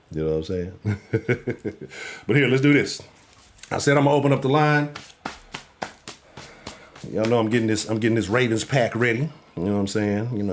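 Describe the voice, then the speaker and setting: A man's voice: fairly low pitch, a little hiss or hum. A man hosting a live sports talk show, brash, joking and profane.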